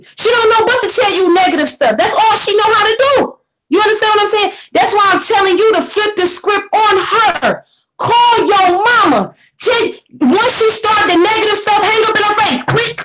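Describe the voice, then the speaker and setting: Motherly woman guest, high voice, soothing and reassuring. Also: normal speed, heavy background noise. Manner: soothing and motherly, calls her "baby". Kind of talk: supportive personal conversation.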